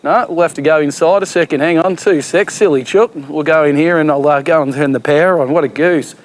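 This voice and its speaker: A man's voice: fairly high pitch, brisk. A young Australian man hosting his own cooking show, chatting casually and cheekily with plenty of slang while he cooks. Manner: blokey and cheeky, full of slang. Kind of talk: casual cooking vlog chat.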